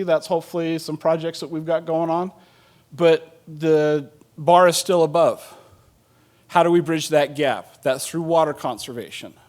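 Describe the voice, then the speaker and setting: A middle-aged man speaking casually at a conference panel, joking and using many fillers as he presents his agency's work. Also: a little high. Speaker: state water agency planner presenting at a conference.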